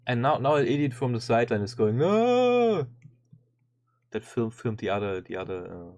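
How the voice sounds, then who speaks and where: A man streaming and commenting casually on a video, animated and swearing often, with frequent restarts. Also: lowish voice, fast talker.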